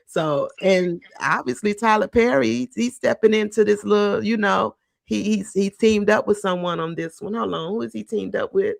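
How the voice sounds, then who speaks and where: A woman's voice: mid-range voice, moderate pace, creaky, no room sound, studio quality. A woman hosting casual entertainment commentary, chatty and rambling as she talks straight to her viewers. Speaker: host.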